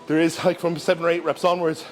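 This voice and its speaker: A man's voice: a little high, fast. Man coaching through a gym session. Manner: relaxed, instructive, talks through gym cues with fillers. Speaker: bodybuilder and coach. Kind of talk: casual training vlog commentary.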